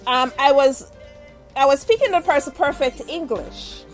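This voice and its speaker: A woman's voice: high-pitched, moderate pace, soft background music. A middle-aged Jamaican woman with a Jamaican accent, hosting a casual interview and laughing often as she chats. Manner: laughs often, chatty and animated. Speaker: interview host.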